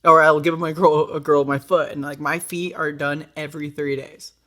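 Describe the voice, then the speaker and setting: A woman's voice: sits low, little pitch movement, moderate pace, a bit bright. A woman who is a podcast guest, telling brash, profane stories in casual chat and acting out what people said. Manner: brash, profane storytelling with acted quotes.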